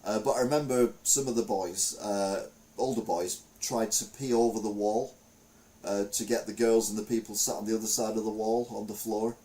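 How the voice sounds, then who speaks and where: A man's voice: fairly low pitch, steady tone, normal speed, mellow. A middle-aged man chatting casually as a show host, rambling with lots of fillers. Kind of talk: casual chat.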